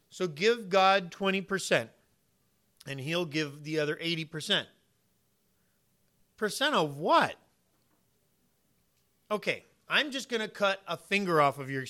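A man preaching with a bright, forceful voice pitched a little above the usual. He drops to near-whispers for asides, then hammers his points out loud and slow, and acts out imagined exchanges with the congregation. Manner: emphatic, swings from quiet asides to loud punchy points; uses vivid hypotheticals and plays out imagined dialogue. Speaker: pastor. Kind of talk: sermon.

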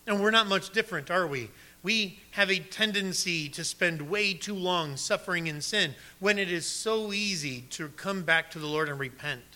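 A male pastor preaching a sermon, emphatic, dropping low and soft on key words. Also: normal speed.

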